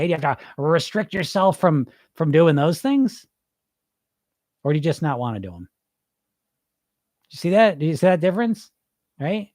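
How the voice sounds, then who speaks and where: With a fairly high, darkish voice, a middle-aged man coaching weight loss speaks plainly and casually on a live podcast. He answers his listeners and asks them rhetorical questions. The recording is dry and studio grade.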